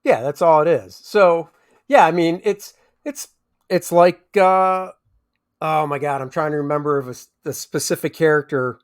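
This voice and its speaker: A man's voice: fairly high pitch, moderate pace, clean tone. A man co-hosting a casual movie review chat, rambling and often restarting as he searches for names. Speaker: movie review podcast co-host.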